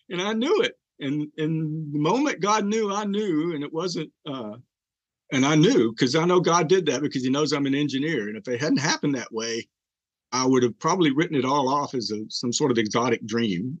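Older man, husky, earnest story. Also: mid-range voice, no echo, rough recording. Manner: earnest, emotional storytelling with frequent fillers and restarts. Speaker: podcast guest. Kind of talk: personal story in an interview.

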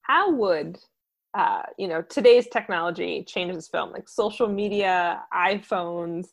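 A woman with a New Jersey accent, co-hosting a podcast in casual chat, lively and full of fillers. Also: lowish voice, a little slow, vocal fry. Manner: chatty, lively storytelling with many fillers. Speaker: podcast co-host.

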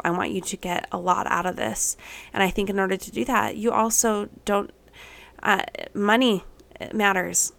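A woman's voice: mid-range voice, vocal fry, fairly bright tone. A pregnant woman in her thirties hosting her own podcast, talking candidly and a little emotionally with many ums and restarts. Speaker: podcast host. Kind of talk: personal podcast monologue.

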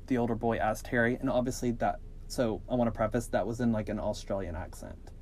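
A male podcast co-host reads creepy encounter stories in a mid-pitched, everyday voice. He keeps stepping out of the text for cheeky, joking asides, and his reading stays lively and casual. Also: a little fast, few pauses, background noise. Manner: jokey, animated, breaks into laughter and cheeky asides.

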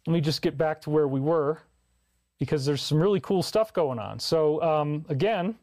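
A man's voice: a little high, moderate pace, darkish tone, no room sound. A man hosting a livestream, rambling earnestly and reading viewer comments aloud. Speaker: livestream host.

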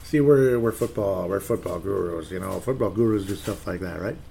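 In a deep, warm, creaky voice, this man takes his time with an expressive, rambling solo rant about his team's game. He's a fed-up sports fan commentator reading posts aloud, and there's slight background noise.

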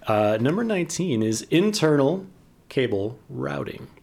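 A man co-hosting a casual podcast chat, relaxed and chatty, laughing easily. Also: mid-range voice, a little slow, gravelly. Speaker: co-host.

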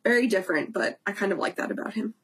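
A woman's voice: medium pitch, expressive, fast talker, gravelly, a bit bright, husky. A young woman co-hosting a podcast, chatting casually and gushing about fan events, laughing often. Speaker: podcast co-host. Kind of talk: casual chat.

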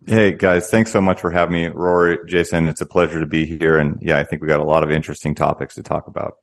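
Man, very low voice, interview guest, explanatory, conversational restarts. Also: level tone, fast talker. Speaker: guest, real estate company founder.

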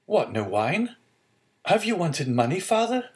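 A man's voice: high-pitched, sing-song, measured pace, voice pushed up. A man voicing an earnest, devoted young male sailor in an audiobook, talking to his father. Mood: dismayed. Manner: earnest, pleading. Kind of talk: audiobook character reading.

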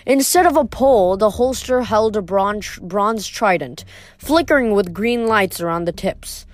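A woman reading a novel aloud in first person, steady, with the odd stumble over a word. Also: medium pitch, measured pace, no room sound. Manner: steady first-person storytelling with small slips. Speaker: reader.

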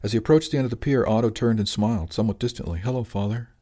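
A man narrating an audiobook chapter in a calm, even storytelling manner. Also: on the low side, racing.

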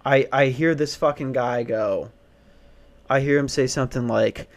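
A man's voice: mid-range voice, steady tone, a little slow. Profane, sarcastic young man ranting. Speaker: comedic ranter. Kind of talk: casual comedic rant. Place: back office, indoors.

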